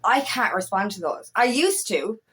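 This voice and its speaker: A woman's voice: mid-range voice, expressive, normal speed, a bit bright. A woman coach giving a blunt, heated motivational talk, swearing often and leaning on fillers like "you know what I mean.". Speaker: empowerment coach. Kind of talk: casual motivational talk to camera.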